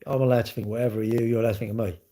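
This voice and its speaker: A man's voice: medium pitch, fairly even intonation, racing, mellow. Man, casual live chat, rambling, defensive, repeats himself. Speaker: livestreamer.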